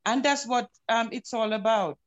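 A woman leading a casual group discussion, talking in a rambling, halting way. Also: a little high, lo-fi sound.

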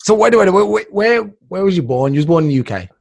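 A man hosting a podcast, chatty and quick to ask his guest questions. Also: high-pitched, sing-song, creaky, darkish tone. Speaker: podcast host. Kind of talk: casual chat.

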